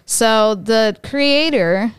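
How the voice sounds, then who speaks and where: Chatty young woman, very clear voice. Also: on the high side, drawn-out words, no echo, studio quality. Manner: chatty, many "like" fillers. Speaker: podcast co-host. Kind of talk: casual chat, reading quotes.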